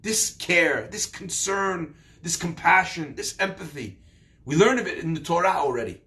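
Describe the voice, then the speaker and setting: A man giving a sermon as a story, with lively storytelling that acts out the voices of the people in it. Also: fairly high pitch, moderate pace.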